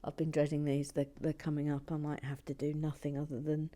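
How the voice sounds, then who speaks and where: A woman's voice: sits low, completely flat delivery, fairly quick, mellow. A woman hosting a Lego build vlog, chatting casually and muttering or whispering to herself as she concentrates.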